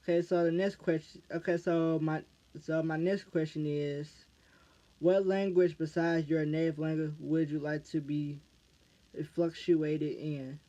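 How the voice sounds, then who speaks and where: An American man chats through viewer questions in a loose vlog style, pitched a little on the high side. He trips over his words, looping back on half-phrases before finishing them. The sound is muffled and lo-fi. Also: level tone, warm tone. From United States. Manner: halting, restarts phrases over and over. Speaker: YouTuber answering fan questions. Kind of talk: casual Q&A vlog. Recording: dull lo-fi recording.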